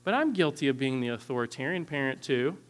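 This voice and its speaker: A man in his thirties giving a candid, earnest lecture on parenting styles, often clearing his throat. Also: mid-range voice, expressive, quick pace. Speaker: parenting instructor.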